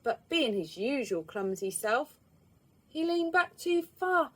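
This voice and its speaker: A woman, reading a children's storybook aloud in an expressive, lively way. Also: high-pitched, slow.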